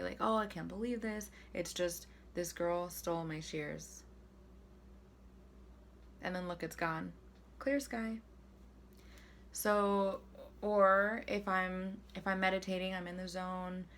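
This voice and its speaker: A young woman vlogging in a casual, chatty way, her voice sitting a little low for a woman. She talks loosely and pokes fun at herself, with plenty of fillers. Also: a bit bright, a little hiss or hum. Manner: chatty and self-deprecating, with frequent fillers. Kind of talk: casual self-help talk to camera.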